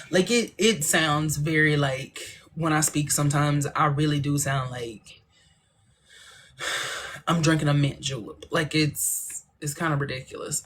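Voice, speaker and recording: A woman's voice: sits low, a bit bright, slight background noise. A woman from northern Louisiana with a country Southern accent, hosting a casual livestream, chatty and playful as she reads out viewer comments. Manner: playful, chatty, teasing, quick asides. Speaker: livestream host. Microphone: phone livestream.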